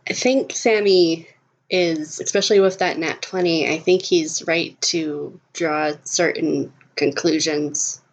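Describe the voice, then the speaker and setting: A woman running a tabletop role-playing game, narrating gently and descriptively. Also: deep voice, fairly even intonation, takes it slowly. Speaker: game master. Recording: lo-fi recording.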